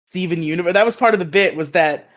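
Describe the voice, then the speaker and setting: A man's voice: high voice, fast, a bit bright. A man co-hosting a podcast in casual chat over a voice call, rambling and self-deprecating, laughing often. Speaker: podcast co-host.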